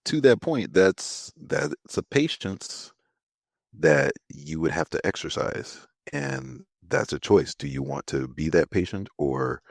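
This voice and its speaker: A man from Houston with a very deep, gravelly voice chats on a podcast. His pitch rises and falls a lot, and he laughs and drags out words for emphasis. The close mic sounds dry. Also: no room sound. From Houston, Texas. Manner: animated, laughing, drawn-out emphasis. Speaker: podcast co-host. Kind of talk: casual podcast chat.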